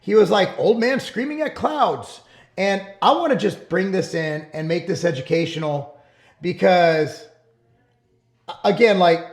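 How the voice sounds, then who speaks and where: A man's voice: a little high, gravelly. Brash man talking in an echoey room. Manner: brash, rambling and self-promoting, with frequent restarts. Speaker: fitness company owner and channel host. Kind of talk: casual commentary to camera.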